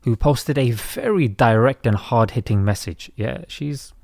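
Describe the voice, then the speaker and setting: A man's voice: medium pitch, lively intonation, a little slow, vocal fry, a little mellow. A man commenting on social media posts in a conversational, opinionated way.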